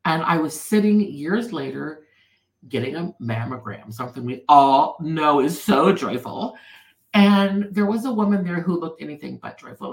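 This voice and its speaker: A woman guest telling her personal story in an interview, earnest and animated. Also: sits low, gravelly, echoey room, rough recording.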